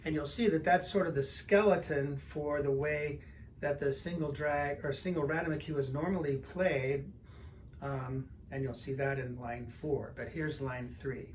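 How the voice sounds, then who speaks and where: An older man teaching drums, explaining patterns in a relaxed way and counting in before he plays. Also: on the high side, a little slow, a little hiss or hum. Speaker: drum teacher. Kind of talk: instructional lesson talk.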